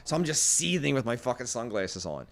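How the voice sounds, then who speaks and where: A man hosting a podcast, telling a story in a casual, profane, animated way. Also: medium pitch, a little fast, gravelly. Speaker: podcast host. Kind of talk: casual chat.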